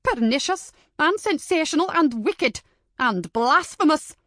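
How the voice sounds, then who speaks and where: Brief: woman reads indignant, pompous Victorian lady, pitched up and forceful. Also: expressive, normal speed, dry recording, studio quality. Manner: pompous, scandalized, raised and shrill. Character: haughty indignant older lady, easily offended.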